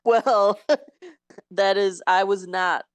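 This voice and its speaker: A woman's voice: mid-range voice, very slow, no echo. A woman, a guest comedian on a podcast, chatting wryly and laughing often. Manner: laughing, wry. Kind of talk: casual chat.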